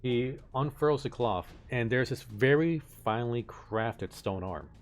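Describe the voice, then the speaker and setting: A man narrating as game master for a tabletop game, halting and full of fillers and restarts. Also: medium pitch, animated, soft background music.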